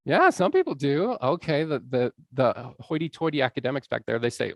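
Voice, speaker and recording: A man lecturing to a room, his voice swinging up and down as he quizzes the audience and laughs along with them. There is a gravelly edge to his speech, and the sound is dry and close, with little room echo. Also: a little high, very animated, brisk. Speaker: college lecturer on language learning. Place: lecture hall.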